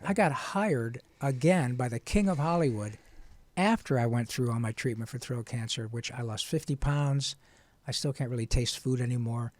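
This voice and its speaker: A man, a voice actor, telling his story in an interview in an earnest, animated and frank way. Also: mid-range voice, normal speed, no room sound. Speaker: guest voice actor.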